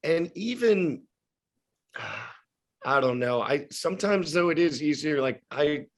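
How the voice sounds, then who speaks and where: Reflective man in his thirties, halting. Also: a little high, animated. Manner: reflective, halting, many restarts and hedges. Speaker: guest actor. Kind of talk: casual podcast interview.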